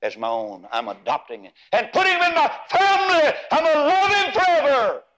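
Preacher doing God, booming fatherly voice, loud and high. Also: wildly swooping pitch, fairly quick, heavily acted, low-quality recording. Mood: exultant.

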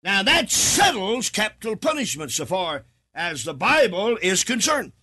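Preaching from the United States, this man half-chants scripture in a high, sing-song voice at a measured pace, building to shouts when he wants emphasis.

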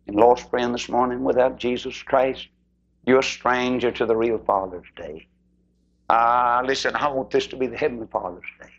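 A man preaching an impassioned sermon, swinging his voice high and low and acting out the people in his stories. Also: gravelly, breathy edge, dull audio.

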